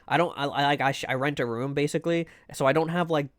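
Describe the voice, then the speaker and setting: A man's voice: fairly high pitch, fast talker, dry recording, studio quality. A man streaming live, chatting casually with viewers in a rambling way, full of fillers and restarts. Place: home room.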